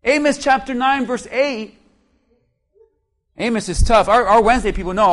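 A man's voice: very high voice, moderate pace, fairly bright tone. A male pastor preaching a sermon in church, joking with the congregation and leading call-and-response. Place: church sanctuary.

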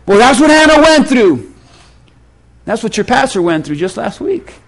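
High-voiced, animated preacher man. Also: moderate pace, vocal fry, rough recording. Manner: animated, conversational, self-mocking. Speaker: pastor. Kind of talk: storytelling sermon.

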